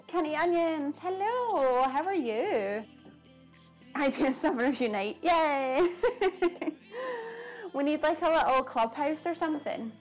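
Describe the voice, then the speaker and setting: Chatty Scottish woman, slightly high voice. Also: animated, unhurried, pauses often, faint music behind. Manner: chatty, laughs often, answers viewers' comments. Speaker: cooking streamer. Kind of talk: casual live-stream chat while cooking. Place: home kitchen.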